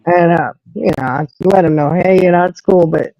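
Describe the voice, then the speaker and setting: A woman hosting a live stream tells a story in casual chat, animatedly acting out other people's lines. Her voice is lowish at a moderate pace, and the audio is muffled, lo-fi and dry with no room sound.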